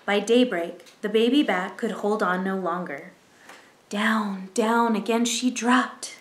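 A woman reading a picture book aloud as a library storyteller, gentle and expressive, with asides to young listeners. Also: medium pitch, slow pace, roomy sound.

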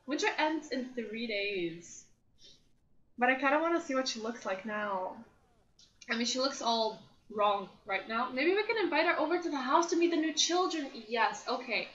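A young woman casually commentating a life-sim game, chatty and excitable, gushing over what happens on screen. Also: high-pitched, moderate pace, dull audio. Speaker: gameplay commentator. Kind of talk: casual let's-play commentary. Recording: roomy echo.

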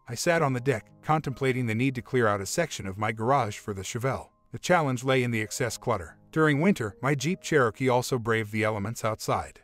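A man narrating a first-person relationship story at a steady, even pace. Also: medium pitch. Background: faint background music.

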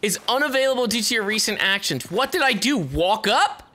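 Excitable swearing gamer, lively voice. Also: male voice, high-pitched, brisk. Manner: excitable, swears a lot, laughs and yells at the game. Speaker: gamer playing through a video game. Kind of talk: casual let's-play commentary.

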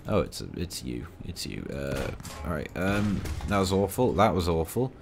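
A man's voice: deep voice, lively intonation, normal speed, gravelly, music in the background. A man giving rambling, self-mocking commentary while playing a tank game, full of dry asides. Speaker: gaming video creator.

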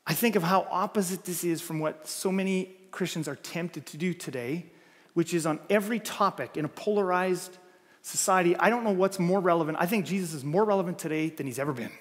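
High-voiced pastor preaching in a hall. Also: male voice, brisk, slightly rough. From Canada. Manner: earnest, emphatic, repeats phrases for effect. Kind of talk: sermon. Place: church sanctuary.

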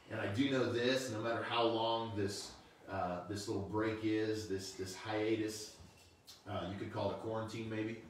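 Laid-back male pastor, low voice, sermon taped from a distance in a booming echoey room with faint hiss. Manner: relaxed, conversational, unhurried. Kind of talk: casual online sermon. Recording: very echoey room, mic far off.

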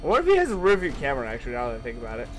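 Excitable young man streaming a game. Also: mid-range voice, racing, slight background noise. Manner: excitable, profane, talks back to the game. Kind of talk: casual gaming commentary.

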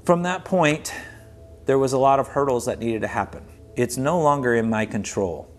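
A man's voice: mid-range voice, normal speed. A man narrating his own story for a documentary in an earnest, conversational way, retelling events vividly. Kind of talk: personal storytelling.

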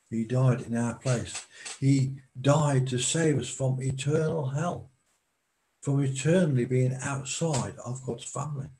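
A male preacher delivering a sermon with a mellow, warm tone. He speaks slowly and deliberately, leaning on pauses to let each phrase land. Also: medium pitch, slight background noise, poor audio.

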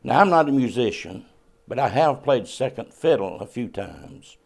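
A man's voice: medium pitch, sing-song, moderate pace, gravelly. A man presenting a short devotional segment on a religious TV program, telling a self-deprecating story in a folksy manner. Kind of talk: scripted devotional talk with anecdotes.

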